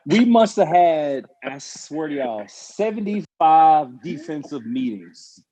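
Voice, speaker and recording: A former pro football player telling a story in casual chat, animated and laughing as he acts out the people in it. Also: a little high, slow. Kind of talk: casual storytelling on a panel show.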